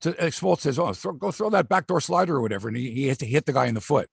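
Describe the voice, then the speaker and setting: A middle-aged man hosts a sports talk show, swearing freely and acting out what players said. His voice is gravelly and husky, and his pitch swings a lot. The sound is close and dry. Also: fast, dry recording. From Canada. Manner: animated, profane, acts out quotes from players. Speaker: sports podcast host. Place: outdoor studio by a lake.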